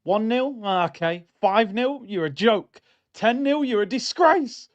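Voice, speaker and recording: A man's voice: high voice, a little slow, muffled recording. A young man, chatting animatedly and exasperated with his live-stream audience before a football match. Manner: animated, exasperated banter with chat. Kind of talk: casual live-stream chat.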